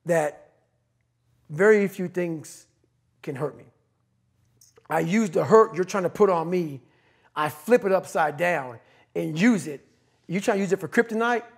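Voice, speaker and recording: A middle-aged man on a podcast, giving a blunt, profane, forceful motivational talk. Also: sits high, creaky, slightly rough. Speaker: podcast guest.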